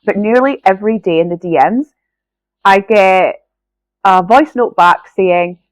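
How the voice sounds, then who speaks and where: A woman's voice: mid-range voice, measured pace, no echo, rough recording. A woman with a Scottish accent hosting a solo podcast, sounding nasal from a cold, earnest and encouraging as she talks straight to the listener. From Scotland. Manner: earnest, encouraging, addresses listener directly with frequent "right?". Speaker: podcast host.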